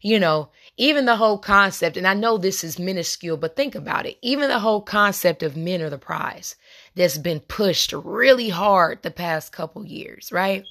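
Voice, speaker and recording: A woman's voice: mid-range voice, animated, normal speed, fairly bright tone. A young adult woman, hosting a podcast monologue in a casual, impassioned way and talking straight to her listeners. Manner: impassioned, conversational, addresses listeners as y'all. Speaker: podcast host.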